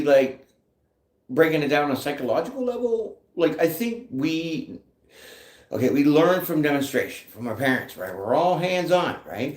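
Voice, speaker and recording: A man's voice: mid-range voice, a little mellow. A man hosting a live tarot chat, casual and joking, who reads out viewer comments as he talks. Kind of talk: casual live-stream talk. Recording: echoey room.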